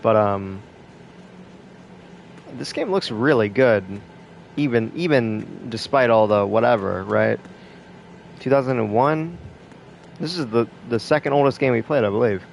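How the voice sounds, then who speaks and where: A man's voice: medium pitch, measured pace, gravelly, pauses often. Young dude rambling about a game he's playing, swears a bunch, lots of ums, bit of hiss behind him. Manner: rambling, profane, trailing fillers. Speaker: gamer. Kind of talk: casual gameplay commentary.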